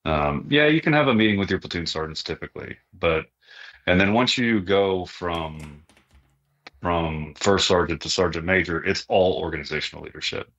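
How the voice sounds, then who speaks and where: A middle-aged man with a low voice talks in a relaxed, conversational way. He is plain-spoken and often ends a point with "right?", like a retired sergeant major explaining how things work. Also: moderate pace. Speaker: podcast guest, retired army sergeant major. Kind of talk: casual conversational interview.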